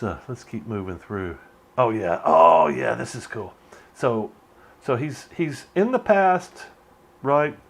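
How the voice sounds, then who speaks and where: Rambling man chatting about a movie. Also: mid-range voice. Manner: rambling, laughs often, swears. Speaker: channel host. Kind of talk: casual movie commentary.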